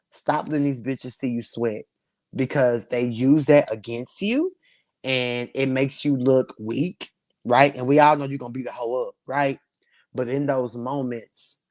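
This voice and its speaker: A man hosting a live stream, reviewing a reality show in sassy slang. He talks casually to his viewers and laughs often. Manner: sassy, slangy and animated, swinging between loud bursts and low asides; laughs often while talking.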